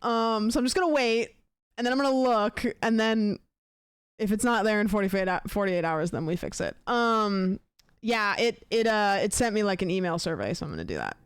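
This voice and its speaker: A woman's voice: medium pitch, lively intonation, normal speed, clean tone, no echo, studio quality. A young woman streaming, telling a long story in casual chat and acting out both sides of a phone call. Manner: rambling storyteller, acts out both sides of a conversation.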